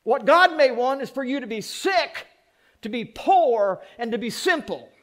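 A man's voice: very high voice, expressive, a little slow, fairly bright tone. A man preaching a sermon as pastor, folksy and plain-spoken. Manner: folksy, plain-spoken, mock voices for effect.

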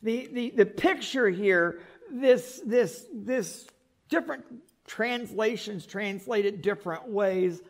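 A male pastor preaching a sermon in an animated way, repeating words and adding joking asides. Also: high voice, slow pace.

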